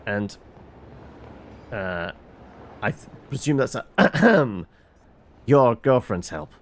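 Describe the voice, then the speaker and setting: A man's voice: mid-range voice, big pitch swings, very slow. A man reading a game's dialogue aloud for every character, with fillers and small restarts. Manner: reads all characters, stumbling with fillers. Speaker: game reviewer reading dialogue.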